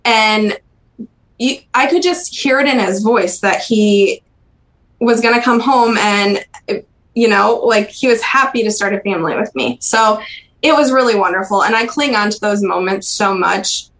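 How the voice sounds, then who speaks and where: A young woman speaking as a podcast interview guest, recalling personal memories in a halting, soft-spoken way with frequent pauses and restarts. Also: medium pitch, rough recording. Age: young adult.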